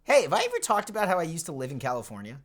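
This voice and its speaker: A man's voice: fairly high pitch, wildly swooping pitch, racing. A man hosting a fan podcast over a remote call from home, teasing his co-host in a playful, upbeat way. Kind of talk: casual chat.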